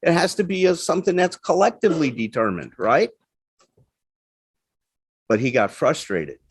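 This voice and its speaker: A man's voice: fairly high pitch, animated, normal speed, husky. A man giving a lecture to a live audience, speaking in a plain, emphatic, conversational way and often checking in with "right?". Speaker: guest speaker on addiction recovery. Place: talk in front of a seated audience.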